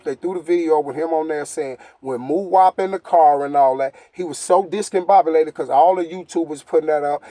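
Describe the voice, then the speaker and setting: Man, online commentator, high voice, emphatic and repetitive, dry close sound. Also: dark tone, no room sound. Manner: emphatic and repetitive, keeps addressing the audience. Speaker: YouTube commentator. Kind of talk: ranting commentary to viewers.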